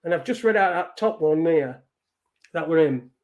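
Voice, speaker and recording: A man's voice: fairly high pitch, expressive, moderate pace, muffled recording. A man hosting an online show, swearing and mocking as he reads out messages. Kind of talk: casual live-stream rant.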